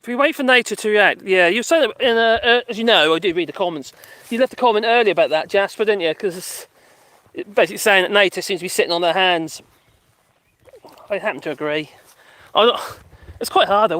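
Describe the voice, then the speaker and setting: On a dog-walk live stream, this man rambles through casual chat, reads out comments from his viewers, and speaks to his dogs. The voice is high with a fairly bright tone, and there's no echo.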